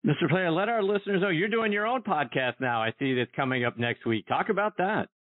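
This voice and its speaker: A man's voice: on the high side, lively intonation, a little fast, no room sound. A man hosting a podcast interview, asking questions in an earnest, respectful manner. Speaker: podcast host. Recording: tinny phone-like, dry.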